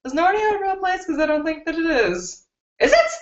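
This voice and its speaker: A woman from Chicago hosting a beauty live stream, excitedly reading out viewer comments from her computer on a webcam. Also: very high-pitched, a little fast. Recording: roomy, dull lo-fi webcam sound.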